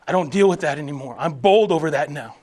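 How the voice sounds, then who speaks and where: Emphatic high-voiced man giving a motivational speech. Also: lively intonation, quick pace, darkish tone. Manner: emphatic, declarative, preacherly. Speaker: motivational speaker, military veteran. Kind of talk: inspirational speech to soldiers.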